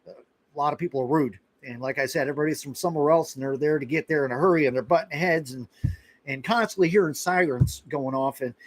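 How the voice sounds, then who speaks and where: A middle-aged man hosts a casual live chat, his voice pitched slightly higher than most men's. He rambles along conversationally, doubling back with restarts and little asides. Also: quick pace, no room sound, low-quality recording. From Florida. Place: rural outpost in western Kentucky.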